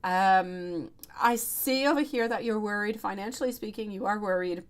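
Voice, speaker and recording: A woman's voice: mid-range voice, normal speed. Chatty tarot reader, a woman. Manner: affectionate, calls viewers sweetie and love; chatty and giggly. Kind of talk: live-stream tarot reading.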